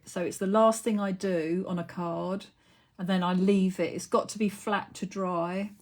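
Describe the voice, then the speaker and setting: A woman's voice: medium pitch, a little mellow. A middle-aged British woman hosting a casual craft live stream, gushing with praise as she shows cards.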